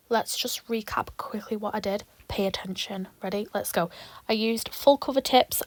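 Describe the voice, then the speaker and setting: A young woman talking through a nail tutorial in an animated, rambling way, with lots of swearing and asides. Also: medium pitch, dry recording. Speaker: nail tech vlogger. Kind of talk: chatty tutorial vlog.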